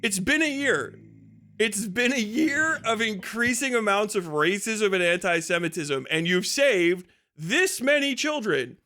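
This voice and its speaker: A young man live-streaming a profane, mocking rant, shouting at times and laughing in bursts. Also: extremely high pitch, expressive, moderate pace.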